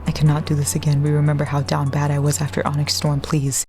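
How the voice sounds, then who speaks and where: A woman's voice: deep voice, flat delivery, fairly quick, faint music behind. A young woman vlogging about a book she is reading, gushing and dramatic, swearing freely as she talks. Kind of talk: casual reading vlog.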